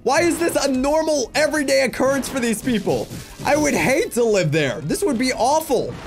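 A young man commentates on a game with excitable, joking energy, chatting straight to his viewers. His voice sits high and leaps up and down constantly. Light music plays faintly underneath. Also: moderate pace, creaky. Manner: excitable, jokey, addresses viewers as guys. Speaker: gaming YouTuber. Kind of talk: energetic let's-play commentary.

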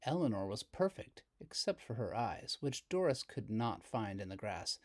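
A man reading a children's picture book aloud as storyteller, slow and expressive. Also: lowish voice.

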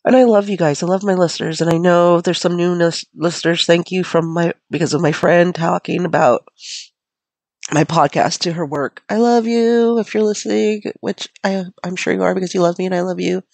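A woman's voice: on the low side, fairly even intonation, a little fast, vocal fry, a little mellow, no echo. A woman hosting her podcast while sick in bed, coughing, her voice going, rambling casually and swearing. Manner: rambling, self-deprecating, profane. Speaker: podcast host. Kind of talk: casual solo podcast chat. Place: in bed at home.

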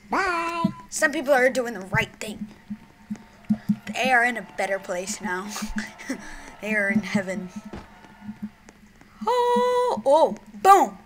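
A young woman talks through a hide-and-seek game in a slightly high voice, jumping from giddy shrieks to quiet mumbles. The home recording carries steady background noise and clicks. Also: takes it slowly, long pauses. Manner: excitable, shrieks and giggles, drops to mumbled whispers. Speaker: gaming YouTuber. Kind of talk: gameplay commentary.

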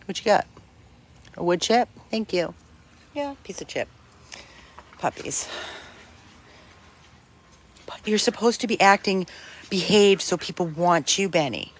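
An older dog rescuer chatting at home while playing with a puppy, breaking into high coaxing calls to the dog. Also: expressive, measured pace, pauses often. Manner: talks to the dog in high coaxing calls between plain remarks. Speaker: dog rescuer showing a dog for adoption. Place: home with a dog, in hot weather.

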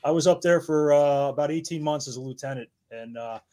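A man in his fifties with a voice a little higher than most men. He tells loose, rambling stories, laughs often and swears casually. It is a relaxed podcast chat. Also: a little fast, slight background noise. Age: 50s. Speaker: guest, battalion chief. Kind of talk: casual anecdote-telling.

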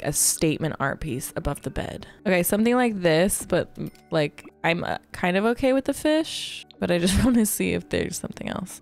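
A young woman talks through her game build in a chatty, playful way, musing aloud to her viewers. Her voice sits on the lower side for a woman, recorded close on a desk mic with light music playing underneath. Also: vocal fry, a little mellow. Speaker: Sims building creator. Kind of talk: casual gameplay commentary.

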